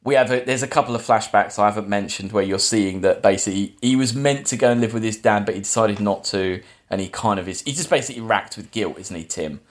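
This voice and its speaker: A man's voice: on the low side, quick pace, few pauses. A man hosting a casual film-review podcast, rambling through plot retellings with lots of restarts. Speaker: podcast host.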